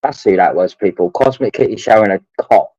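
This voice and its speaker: This man's mellow, breathy-edged voice sits on the low side and moves a little fast, with no room sound. He's drinking while rambling crudely at his livestream chat, cursing frequently and calling everyone his lads, all in dull lo-fi stream audio.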